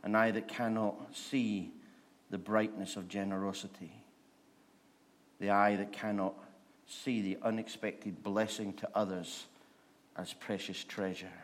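A man preaching a sermon, repeating rhetorical questions and slowing down to stress words. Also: lowish voice, flat delivery.

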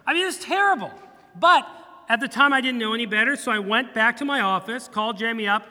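A middle-aged man, a pastor, preaching a sermon in a church in an animated, humorous way, acting out bits of dialogue. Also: very high voice, a little fast, long reverb tail. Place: church sanctuary.

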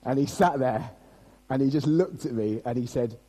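A man's voice: mid-range voice, moderate pace, dark tone, rough recording. A young British man preaching a sermon as pastor, chatty and self-deprecating, joking with his congregation.

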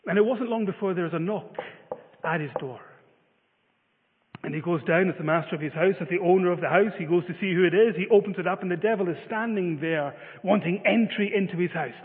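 Preacher in an echoey hall. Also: male voice, high-pitched, fairly quick. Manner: storytelling, animated with filler uhs. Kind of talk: sermon. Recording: phone-like reverberant sound.

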